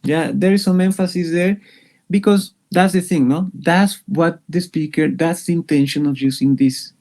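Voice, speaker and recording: A man's voice: a little high, moderate pace, darkish tone. A man teaching an English grammar lesson, explaining patiently with many fillers and restarts.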